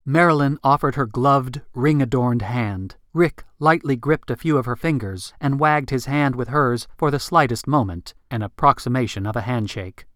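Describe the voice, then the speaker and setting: A man reading a story aloud in an even, measured narration into a close microphone. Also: medium pitch, dry recording. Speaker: audiobook narrator. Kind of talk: scripted narration.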